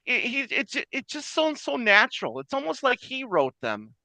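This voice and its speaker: Bright, high-voiced man rambling casually. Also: huge pitch swings, gravelly, no echo. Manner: halting, restarts often, laughs along. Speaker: podcast co-host. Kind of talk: casual chat.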